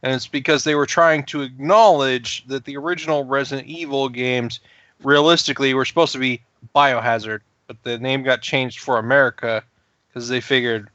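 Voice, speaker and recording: A man's voice: medium pitch, steady tone, normal speed, bright, forceful tone, no room sound. Explaining male co-host, dry dull sound. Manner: explaining, correcting others. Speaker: podcast co-host. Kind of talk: casual gaming chat.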